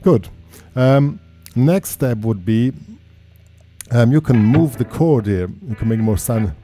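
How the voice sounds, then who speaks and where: A man talks through a casual guitar lesson in a relaxed, chatty way, counting in and scatting the rhythms he plays. His voice sits at an ordinary middle pitch. Loud electric guitar music plays behind him. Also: slow. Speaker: guitar teacher. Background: electric guitar playing.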